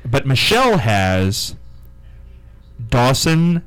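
A man's voice: mid-range voice, sing-song, very slow, a bit bright, smooth, no room sound, poor audio. A middle-aged man hosting a live radio show in a small studio, chatting casually and rambling from one thing to the next. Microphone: studio microphone.

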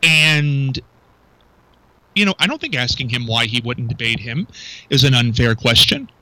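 A man's voice: medium pitch, animated, measured pace, sharp tone, dry recording, poor audio. A male radio talk show host, chatting with his co-host, incredulous and full of rhetorical questions. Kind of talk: local talk radio banter. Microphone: studio microphone.

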